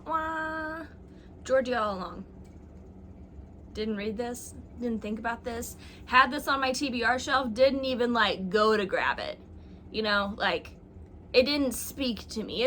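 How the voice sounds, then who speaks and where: A woman's voice: a little high, pushed and bright, slight background noise. A young woman talking casually on camera about her reading, chatty and self-mocking, with plenty of likes and ums. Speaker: booktuber. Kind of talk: casual chat.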